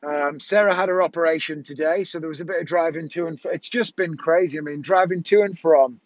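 A man's voice: fairly high pitch, a little fast, no room sound. A middle-aged man from England, a magician chatting casually in a vlog, rambling and correcting himself as he goes. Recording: dull lo-fi dry sound.

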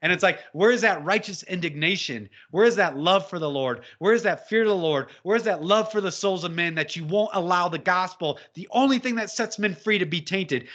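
A man preaching with passion in conversation, exhorting and building to loud outbursts. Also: sits high. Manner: impassioned, exhorting, rising to shouts when quoting. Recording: dull lo-fi audio.

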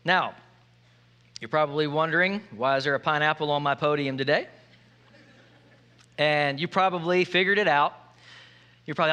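A male pastor delivers a lively sermon, his voice high and ringing bright. He jokes freely with his congregation and keeps calling out for them to answer him. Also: moderate pace, pauses often, clean tone. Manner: playful, joking preacher who calls for audience responses.

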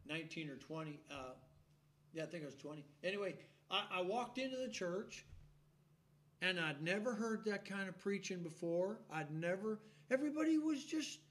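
High voiced preacher guy, animated folksy sermon, chuckles a lot, acts out people hollering amen. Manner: animated storytelling, acts out shouting congregation; folksy, laughs often.

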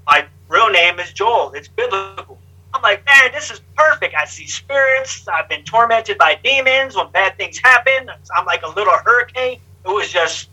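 A man with a high, sharp and very bright voice talks through his past in an interview. He is blunt and streetwise, with slang and the odd curse. He slips into other people's lines as he tells it. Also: rough recording. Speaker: interview guest. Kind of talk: candid life story told in conversation.

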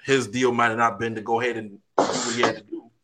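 A man's voice: medium pitch, flat delivery, quick pace, heavy background noise. A man co-hosting a podcast, arguing conspiracy ideas in a playful, emphatic casual chat. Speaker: podcast co-host.

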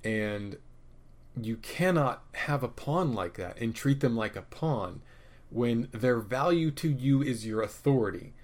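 A man casually recapping a TV episode, opinionated and profane, rambling with restarts and swinging between loud rants and muttered asides. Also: medium pitch, lively intonation, unhurried. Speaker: podcast host reviewing a TV episode.

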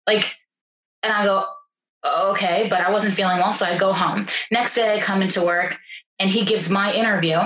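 Animated young woman telling a story. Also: mid-range voice. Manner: animated, repeats words, many fillers. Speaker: podcast guest. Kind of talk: casual personal storytelling. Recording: roomy echo.

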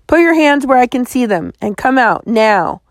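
A woman reading a stern male sheriff who gives brisk orders at a crime scene. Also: fairly high pitch, very animated, no echo, clean studio sound, voice pushed up. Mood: commanding. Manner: commanding, brisk.

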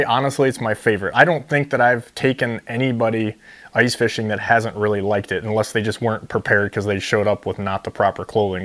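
A man from Ohio who hosts a fishing show, telling long, animated stories in casual chat with lots of fillers. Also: on the low side. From Ohio, USA. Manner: rambling storyteller, animated with many fillers.

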